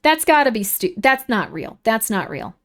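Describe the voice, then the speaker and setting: A woman streamer chatting casually and reading viewer comments, rambling and animated, quick to get worked up. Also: on the high side.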